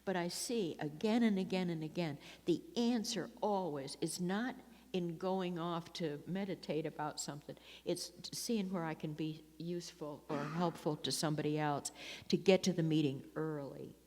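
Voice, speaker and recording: A woman's voice: sits low, moderate pace, darkish tone. An older woman speaking at a recovery meeting, chatty and self-mocking, with many laughs and restarts. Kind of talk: personal recovery talk. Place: meeting hall. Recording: long echo of a hall.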